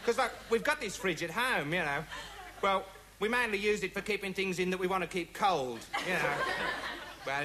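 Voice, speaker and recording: An actor playing a dim young male amateur investigator who rambles through a comic monologue with pointless asides. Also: high-pitched. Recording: loud studio audience laughter, noisy broadcast. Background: studio audience laughing.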